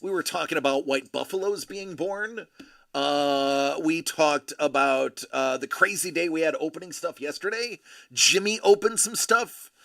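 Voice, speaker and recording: A man's voice: a little high, unhurried, creaky, fairly bright tone. A man hosting a casual live stream, reading viewer comments aloud and chatting back to them.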